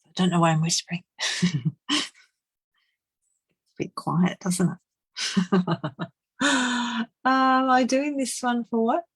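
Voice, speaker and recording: A woman's voice: fairly high pitch, slow, pauses often, husky, no echo, rough recording. A woman doing a live card-making demonstration, chatting and laughing as she works and murmuring to herself. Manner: chatty, giggly, murmurs to herself while working.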